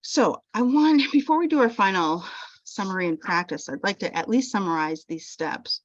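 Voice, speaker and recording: A woman chaplain teaching a talk on self-compassion in a gentle, unhurried way, often restarting her phrases. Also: mid-range voice, animated, no echo. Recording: dull lo-fi dry sound.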